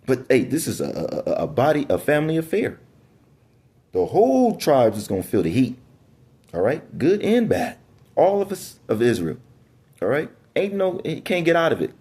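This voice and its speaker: A man's voice: mid-range voice, wildly swooping pitch, normal speed, dark tone, breathy edge. A man giving a casual Bible teaching, reading scripture aloud in an emphatic way with slangy asides and frequent stumbles over words. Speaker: preacher.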